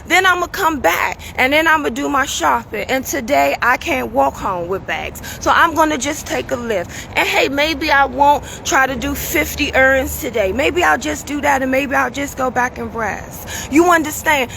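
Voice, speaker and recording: A woman's voice: high-pitched, moderate pace, creaky, hardly any pauses, sharp tone, a little hiss or hum. A woman hosting her own show, giving a casual, preachy motivational talk with a strained, tired voice and frequent "you understand?" asides. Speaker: show host.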